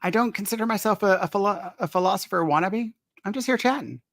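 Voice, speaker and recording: A man's voice: high-pitched, fast, gravelly, a bit bright, no echo, studio quality. A man hosting a casual live chat, polite and hesitant, restarting his sentences often. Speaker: host.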